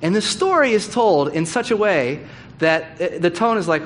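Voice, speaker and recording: Male pastor, slightly higher voice, chatty candid sermon delivery, faint background hiss. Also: moderate pace. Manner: conversational, candid, animated with asides. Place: church hall.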